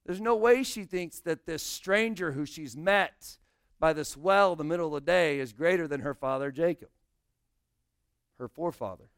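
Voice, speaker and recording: A man's voice: fairly high pitch, normal speed, a bit bright, clean tone, dry recording, clean studio sound. A male pastor preaching a sermon, explaining scripture and speaking directly to his congregation.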